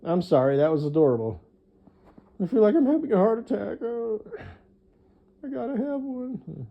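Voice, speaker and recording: A man's voice: high voice, big pitch swings, moderate pace, vocal fry, dull audio, pitched above the performer's own voice, full character voice. A man imitating a young woman who gushes breathlessly over a baby. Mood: gushing.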